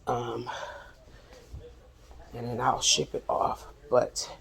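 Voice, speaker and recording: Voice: mid-range voice, level tone, extremely slow, creaky, a bit bright. A crochet vlogger chatting casually and rambling aloud, out of breath as they talk through their market prep. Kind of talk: casual chat.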